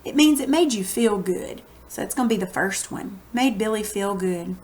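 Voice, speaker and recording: A woman's voice: mid-range voice, expressive, normal speed, darkish tone. A woman with a Texan accent, teaching a reading lesson to young students in a conversational, explaining way. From Texas.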